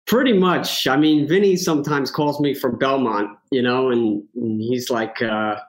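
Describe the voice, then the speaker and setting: A man's voice: mid-range voice, a little slow, rough recording. A man with a New York accent, a horse racing handicapper chatting as a guest in a casual podcast interview. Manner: chatty, storytelling with frequent fillers and laughs.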